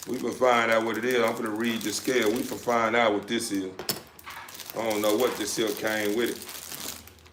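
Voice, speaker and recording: A man's voice: fairly low pitch, little pitch movement, normal speed. A man casually chatting on a live stream while he handles his dogs, speaking in a laid-back drawl, repeating phrases and now and then hollering sharply at them. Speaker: dog breeder. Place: indoors with dogs around. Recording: echoey room with faint noise.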